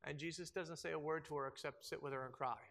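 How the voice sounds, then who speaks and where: High-voiced preacher with dynamic delivery. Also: male voice, fairly even intonation, fast, gravelly. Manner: dynamic preaching, swings from loud to hushed. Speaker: pastor. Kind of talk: sermon.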